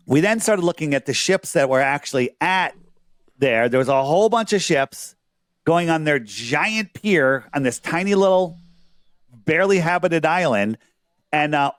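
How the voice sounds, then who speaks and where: A man's voice: medium pitch, no room sound, studio quality. A man being interviewed as a guest. He talks casually and earnestly, explaining things on his screen and checking in often with rhetorical questions.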